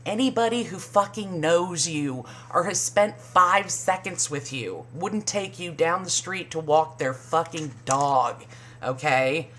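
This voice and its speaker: Here a woman with a slightly bright voice talks slowly, with a little background noise behind her. She mocks a reality show in a casual, sarcastic recap, swearing often and imitating people in high-pitched voices.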